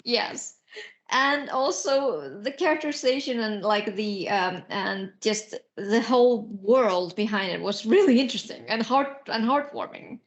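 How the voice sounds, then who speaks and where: Animated woman from Iceland chatting. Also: on the high side, a little slow, reverberant. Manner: excitable, laughing, swearing, lots of restarts. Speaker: podcast co-host. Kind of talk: casual chat.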